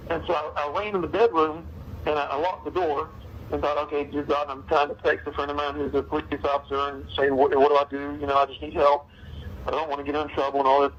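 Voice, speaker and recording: A man being interviewed, recounting events hesitantly with many pauses and restarts. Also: fairly high pitch. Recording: muffled clip with faint noise.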